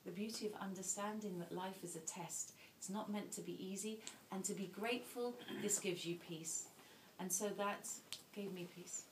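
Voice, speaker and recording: A woman's voice: medium pitch, normal speed, hardly any pauses, background noise. A woman giving an earnest, emotional personal talk as an invited speaker at a dinner. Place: indoor dinner hall. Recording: roomy sound from a distant mic with faint ambience.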